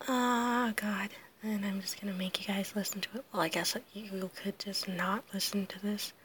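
Recording solo and casually, an audio creator answers a questionnaire in a hoarse, sick half-whisper, speaking haltingly with frequent apologies and nervous laughter. Her mid-range voice is slightly bright with fairly even intonation, and a little hiss or hum can be heard.

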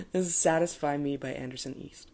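A woman with a raspy morning voice, chatting casually and introducing a song she is about to sing. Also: sits low, normal speed, over music. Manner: relaxed and chatty, laughing between phrases. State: raspy morning voice after a loud night. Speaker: singer introducing a song cover. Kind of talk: casual chat to camera.

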